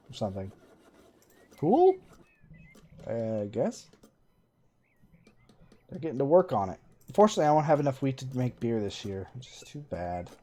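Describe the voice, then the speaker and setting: Faint game music plays as a man streams live gameplay, chatting casually in a sarcastic, self-mocking running commentary. His voice is medium in pitch with a darkish tone.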